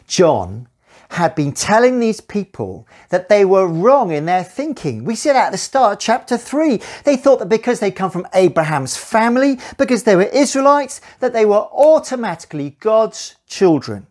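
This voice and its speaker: A woman's voice: mid-range voice, very animated, normal speed, darkish tone. A woman giving a children's Bible talk in church, speaking expressively to the children who are listening.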